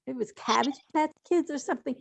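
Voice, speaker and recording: A woman's voice: high voice, brisk, vocal fry. A woman sharing memories at a memorial gathering, emotional, often restarting her sentences. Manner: emotional, restarting sentences, laughing through tears. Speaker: family friend. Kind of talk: memorial remarks.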